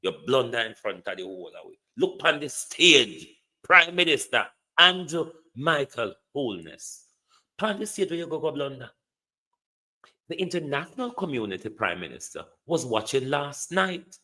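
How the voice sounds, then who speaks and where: A man's voice: mid-range voice, sing-song, normal speed, bright, forceful tone, rough recording. A Jamaican man hosting a livestream, delivering a scornful, emphatic political rant and repeating his insults. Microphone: streaming setup.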